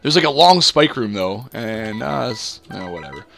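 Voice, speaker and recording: A man's voice: medium pitch, very animated, normal speed, creaky, sharp tone, faint music behind. A young man from Canada rambling through casual gameplay commentary, full of fillers and self-deprecating asides. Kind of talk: casual let's-play commentary.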